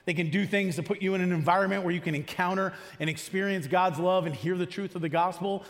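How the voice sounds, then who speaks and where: Conversational pastor in a reverberant hall. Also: male voice, sits high, fast talker. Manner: conversational preaching, asks the congregation questions. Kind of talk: sermon. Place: church auditorium.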